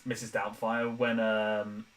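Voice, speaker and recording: A man's voice: lowish voice, monotone, slow pace, fairly bright tone, distant mic, slight background noise, poor audio. A young man chatting casually while animating live from his home room, self-deprecating and laughing often, his throat a little dry. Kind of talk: casual live-stream chat. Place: home room, window open.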